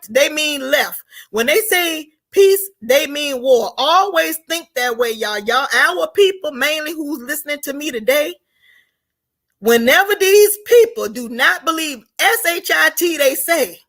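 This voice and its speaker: A woman giving an unscripted political commentary monologue, emphatic and preachy, firing rhetorical questions at her viewers and rising to shouts on key points. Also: high-pitched.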